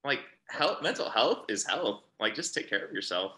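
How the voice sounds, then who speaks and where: A man's voice: medium pitch, very animated, normal speed, bright, forceful tone. A man co-hosting a casual chat, talking earnestly and urgently and repeating phrases for emphasis. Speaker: youth ministry podcast co-host. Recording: echoey room sound.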